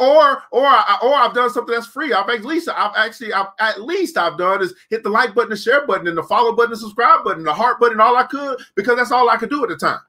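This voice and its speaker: With a very high-pitched, sharp voice, a man leads a live crypto trading class stream. He talks casually and preachily while reading out viewer comments.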